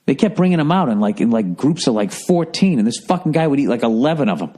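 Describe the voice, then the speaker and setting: A man in his fifties with a Boston accent tells a comedic story on his podcast. He talks in a casual, profane, animated way and swears constantly. His voice sits in an ordinary middle pitch. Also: fast, breathy edge. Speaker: podcast host.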